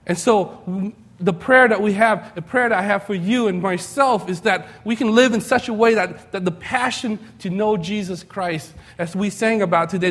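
Male pastor, slightly higher voice, relaxed storytelling sermon, rhetorical questions, self-mocking humor.

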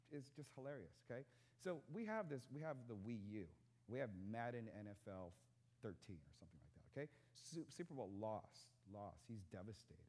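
Animated male pastor preaching casually. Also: fairly high pitch. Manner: conversational, joking with the congregation. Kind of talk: sermon.

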